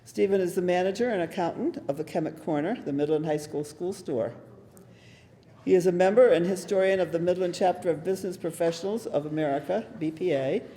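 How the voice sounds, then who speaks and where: A man's voice: high-pitched, fairly quick. A man acting as emcee, reading award citations at a ceremony. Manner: steady, formal reading. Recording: hall reverb.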